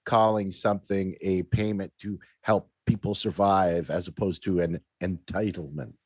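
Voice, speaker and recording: A man co-hosts a podcast, talking in an enthusiastic, rambling way and laughing often. His voice is fairly low. The sound is dry. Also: fairly even intonation, moderate pace, breathy edge, no room sound. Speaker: podcast co-host. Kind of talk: casual political commentary chat.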